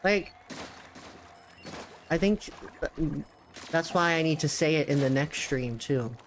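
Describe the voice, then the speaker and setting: A young man chatting excitedly while streaming a video game, with sudden jumps in pitch. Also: takes it slowly, soft background music. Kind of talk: casual gameplay commentary.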